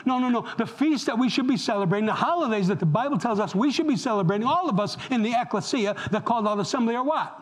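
A man's voice: very high voice, fast talker, hardly any pauses, low-quality recording. A man preaching a sermon, talking straight to the congregation and asking them questions. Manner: animated, asks the congregation questions. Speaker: pastor.

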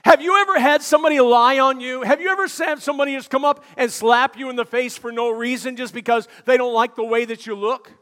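An older male pastor preaching a sermon, telling stories with frequent "uh" fillers and building to shouted emphasis. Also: very high voice, fast talker, few pauses. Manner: storytelling preacher with many "uh" fillers, rising to shouts. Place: church sanctuary. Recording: long hall reverb.

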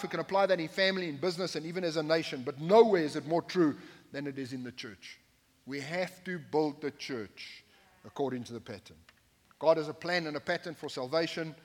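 Male pastor, sermon, emphatic and repetitive, slightly high voice, long church reverb. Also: brisk. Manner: emphatic, repetitive, with joking asides to the congregation. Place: church sanctuary, at the pulpit.

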